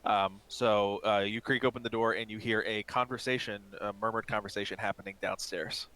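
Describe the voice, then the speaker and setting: A man narrating as game master in a tabletop game, rambling and pausing often with fillers. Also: fairly low pitch, fairly even intonation, sharp tone.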